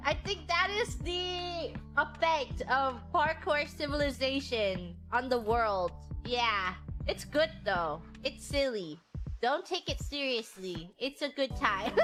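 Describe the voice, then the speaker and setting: A woman streamer chats casually in a high, bright-pitched voice, rambling and breaking into giggles. Clear background music plays under her talk. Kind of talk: casual chat.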